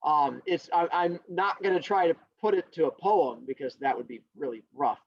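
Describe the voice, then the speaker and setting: A man's voice: on the high side, normal speed. A man teaching a class, explaining and telling a story in a playful, jokey way. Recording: dull lo-fi recording.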